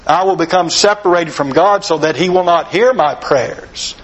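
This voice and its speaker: A man preaching a sermon, slow and deliberate, earnest, asking rhetorical questions of his listeners. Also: a little high, poor audio.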